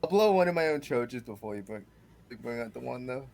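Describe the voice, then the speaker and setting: A young man playing a tabletop game with a gravelly, fry-heavy voice. He thinks aloud and checks the rules mid-sentence. His pitch stays in a middling range. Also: lively intonation, a little fast, a little mellow, a little hiss or hum. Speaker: player. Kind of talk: casual tabletop play.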